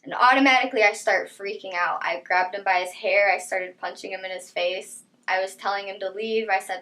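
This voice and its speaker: A young woman giving personal testimony in an interview, telling her story in a quiet, halting way that trails off softly. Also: mid-range voice, steady tone, low-quality recording.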